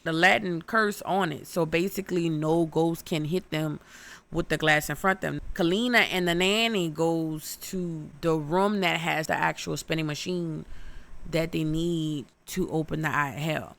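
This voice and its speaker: Brash bright-voiced woman recapping a movie. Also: deep voice, a little slow, creaky. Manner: loud, brash, cursing, animated storytelling. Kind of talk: profane comedic movie recap.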